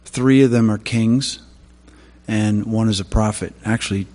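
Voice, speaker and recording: A man with a somewhat low voice preaching a sermon, hesitant and casual, full of pauses and restarts. His voice rings out with a long reverb, as in a large hall. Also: steady tone, darkish tone. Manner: halting, many fillers and restarts.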